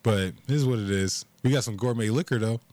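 A man's voice: on the low side, brisk, a little mellow, no echo. A man co-hosting a casual podcast, giving blunt, profane opinions. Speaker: podcast co-host. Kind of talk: casual chat.

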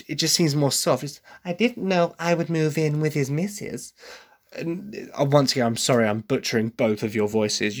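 An English man hosting a podcast, talking through his opinions in a casual, hesitant way with many restarts. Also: mid-range voice. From England. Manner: chatty, hesitant, breaks into sung impressions. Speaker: podcast host reviewing a musical. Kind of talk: casual solo commentary.

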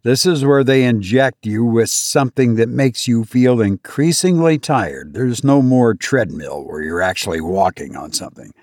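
A man hosting a podcast, telling a personal story to his listeners in a halting way, often repeating words and rising in pitch when he acts out his panic. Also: lively intonation, a little mellow, no echo, studio quality. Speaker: podcast host.

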